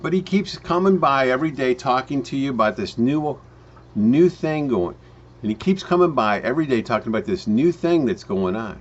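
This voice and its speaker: A man telling a home-business parable in a storytelling manner, with slow emphatic phrasing and frequent restarts. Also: mid-range voice, expressive. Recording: dull lo-fi recording.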